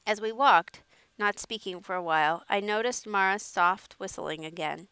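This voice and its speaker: Female audiobook reader, smooth and dry, steady storytelling. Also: medium pitch, normal speed, no room sound. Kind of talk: audiobook narration.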